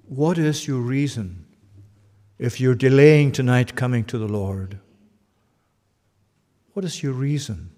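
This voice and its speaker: A man's voice: medium pitch, slow, long pauses, mellow, in a large hall. A male pastor preaching a sermon with earnest, urgent, pleading appeals to his listeners.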